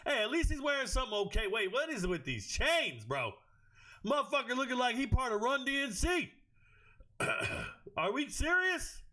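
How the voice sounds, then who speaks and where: A man hosting a livestream, reading chat aloud and riffing on each pick with loud, profane joking. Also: very high voice. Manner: quick, animated jumps between chat and draft picks. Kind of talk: casual livestream commentary.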